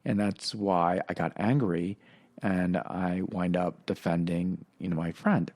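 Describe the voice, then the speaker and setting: Reflective middle-aged man, lowish voice. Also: fairly even intonation, a little mellow. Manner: halting, reflective, many fillers and restarts. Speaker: podcast host. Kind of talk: personal storytelling.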